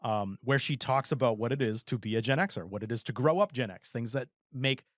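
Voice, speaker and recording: This podcast co-host, a man in his forties, chats casually, rambling and acting out quotes as he tells animated stories. He speaks a little fast at a medium pitch. The sound is clean studio audio with no room sound.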